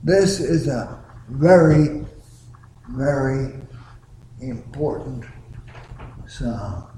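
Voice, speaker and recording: Slow-preaching pastor in an echoey church. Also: male voice, medium pitch, animated, mellow, a little hiss or hum. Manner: slow, deliberate preaching with drawn-out words. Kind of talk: sermon. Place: church sanctuary.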